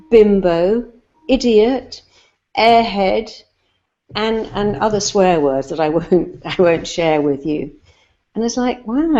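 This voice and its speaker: A woman speaks as a therapist, with a low, mellow voice. She gives emphatic, repetitive motivational advice and builds her points through lists and stories. The recording sounds slightly muffled and lo-fi. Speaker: therapist guest.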